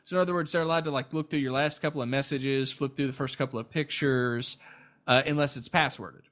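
A man's voice: mid-range voice, fairly even intonation, fairly quick, a bit bright. A man hosting a casual podcast, reading news stories aloud and adding sarcastic remarks, often stumbling and restarting his sentences.

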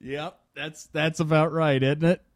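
A man's voice: a little high, flat delivery, unhurried, no room sound, clean studio sound. A man hosting a casual group chat, telling stories and laughing often.

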